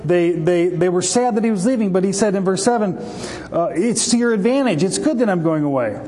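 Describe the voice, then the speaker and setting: A man's voice: sits high, animated, brisk, mellow. A man preaching a sermon with passion, raising his voice when he quotes scripture and sometimes restarting a phrase. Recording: long reverb, faint background noise.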